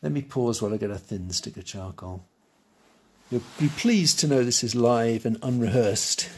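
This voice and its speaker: A man's voice: mid-range voice, moderate pace, a little mellow, a little hiss or hum. A man giving a live drawing tutorial, thinking aloud and correcting himself as he sketches. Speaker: art teacher.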